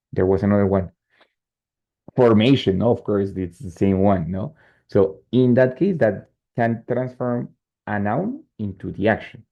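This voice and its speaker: Low, gravelly Spanish-accented teacher. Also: male voice. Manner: explains slowly, checks in with "right?" and "no?", switches into Spanish. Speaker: English teacher. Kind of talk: online class teaching. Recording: muffled lo-fi call audio.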